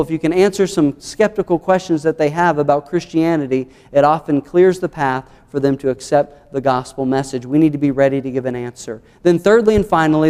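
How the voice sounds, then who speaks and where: A man's voice: fairly high pitch, darkish tone, clean tone, long reverb tail. A man with a Southern American accent, an earnest pastor preaching a sermon through numbered points and scripture. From United States.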